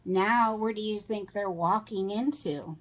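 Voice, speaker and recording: A woman reads a children's picture book aloud at a slow, patient pace, stopping often to ask young listeners questions about what they spot on the page. Her voice sits in an ordinary middle range for a woman, and she sounds middle-aged. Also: mid-range voice.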